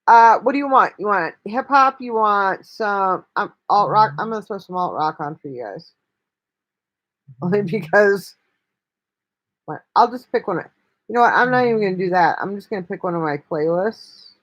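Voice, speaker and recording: A woman's voice: mid-range voice, lively intonation, normal speed, dull audio. A woman hosting a casual live stream, talking bluntly and chattily with lots of swearing. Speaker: livestream host.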